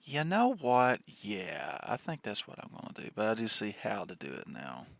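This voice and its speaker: A man in casual chat while drawing on stream, relaxed and muttering to himself as he works. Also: on the low side, normal speed, vocal fry, dry recording.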